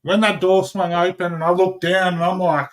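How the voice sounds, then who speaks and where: An Australian man telling a wild story in casual chat, swearing freely and animated. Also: high voice, moderate pace.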